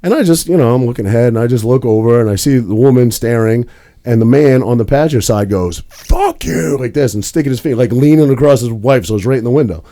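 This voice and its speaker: A man's voice: mid-range voice, quick pace, warm tone. A young man co-hosting a podcast, telling a rambling story in casual chat with plenty of swearing. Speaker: podcast co-host.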